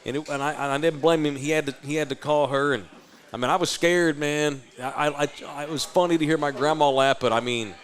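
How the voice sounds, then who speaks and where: A man from Texas, hosting a live podcast and telling a loud, profane, animated story. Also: on the high side, brisk. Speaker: podcast host.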